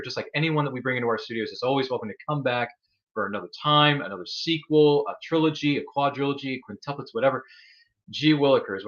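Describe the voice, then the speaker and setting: A man's voice: mid-range voice, a bit bright, dull audio. A man hosting a casual chat show, rambling and joking with playful asides. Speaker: host.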